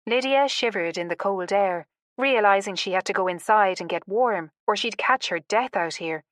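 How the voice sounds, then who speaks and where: A woman reads a romance audiobook in a measured, expressive storytelling style. Her voice sits at a medium pitch, and the scripted narration is captured as clean studio sound with no room sound.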